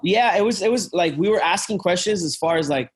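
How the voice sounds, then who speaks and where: A man's voice: sits high, a little fast, slightly rough. This is a man chatting about his business in an easy, offhand way. He restarts his sentences often and fills the gaps with "um", "you know" and "man". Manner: rambling, many fillers and restarts; uses "man" and "dude" often. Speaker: travel business owner. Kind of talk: casual business conversation.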